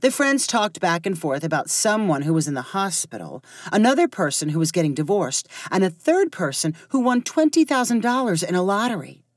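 A woman narrating a story aloud in an expressive reading voice. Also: on the low side, a little fast, hardly any pauses, dry recording, studio quality.

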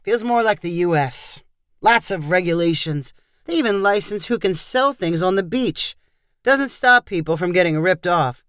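A relaxed, sincere American drifter man chats warmly in this storybook reading, as the narrator puts him on. He pays easy compliments, and the voice is recorded dry, with no room sound. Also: mid-range voice, moderate pace, smooth, no echo, lightly acted. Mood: easygoing. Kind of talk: audio short story reading.

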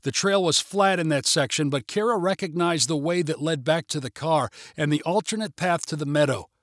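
A man narrating a children's adventure story in a measured, even reading. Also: a little high, dry recording, studio quality.

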